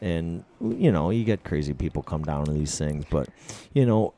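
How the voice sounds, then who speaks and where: Gruff, profane man. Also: deep voice, very animated, normal speed, dark tone, slight background noise. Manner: profane, rambling storyteller. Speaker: podcast host. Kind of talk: casual storytelling chat.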